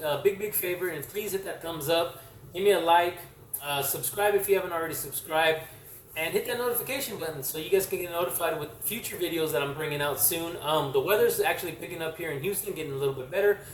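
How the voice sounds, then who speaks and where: A man casually showing his comic collection on camera, rambling with many fillers and self-corrections. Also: fairly high pitch. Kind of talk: casual show-and-tell vlog. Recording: roomy echo, distant mic, faint hiss.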